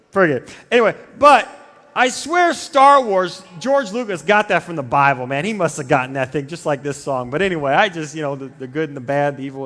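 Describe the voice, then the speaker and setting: A man with a fairly high voice preaches to a youth group in a loose, joking way, wandering into side stories and breaking off his own sentences. His voice rings out with a long reverb through a large church hall. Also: a bit bright. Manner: rambling, digressive, self-interrupting. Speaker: youth pastor. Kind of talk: casual humorous youth sermon.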